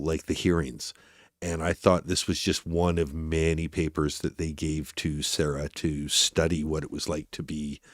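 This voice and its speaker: A man's voice: deep voice, dry recording, studio quality. A man hosting a true crime livestream, chatting casually and rambling as he talks to his viewers.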